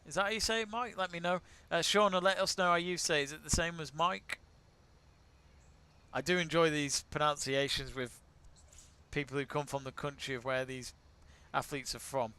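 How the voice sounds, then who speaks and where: Bright, chatty British man hosting. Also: a little high, fairly even intonation, moderate pace, clean tone. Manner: chatty, reads viewer comments aloud, laughs easily. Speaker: live stream co-host. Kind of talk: casual watch-along chat.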